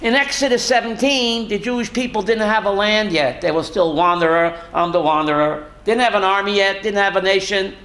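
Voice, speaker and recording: A rabbi teaching a Torah class to students, animated and full of rhetorical questions. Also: male voice, high-pitched, fairly quick, few pauses. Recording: roomy classroom echo.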